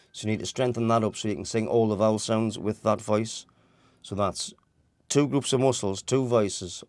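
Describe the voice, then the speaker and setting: A man's voice: medium pitch, a little mellow, no echo. Guy teaching singing, wanders off mid sentence a lot, dead dry recording. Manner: rambling, restarts often, demonstrates vowels. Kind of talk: informal vocal lesson.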